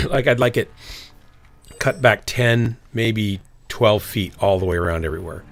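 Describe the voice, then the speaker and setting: A man's voice: fairly low pitch, measured pace, gravelly, a bit bright, soft background music. A man streaming a game and telling a rambling story in casual chat, full of fillers and restarts. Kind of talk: casual chat while gaming.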